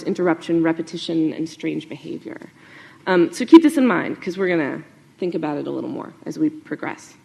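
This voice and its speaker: A woman journalist giving a lively talk to an audience, animated, with many fillers and asides. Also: on the low side, gravelly.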